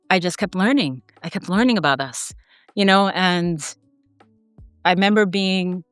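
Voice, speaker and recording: A woman talks through her story in a lively, conversational way, tossing in quick laughs and playful voices for the people she quotes. Her voice is smooth and clear, recorded close and dry. Faint music sits low behind her. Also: no room sound. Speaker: podcast guest, academic editor.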